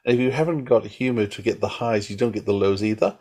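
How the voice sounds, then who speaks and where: A man co-hosts a podcast in a low voice. He talks in a reflective way and gives his views plainly. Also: fast talker, a little mellow. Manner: reflective, opinionated. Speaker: podcast co-host. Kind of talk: casual chat.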